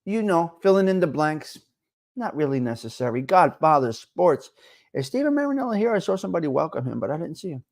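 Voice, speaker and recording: A man's voice: a little high, sing-song, fairly quick, a little mellow. A man hosting a casual live-stream talk show, chatting loosely, rambling in asides and greeting viewers by name. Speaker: livestream talk show host.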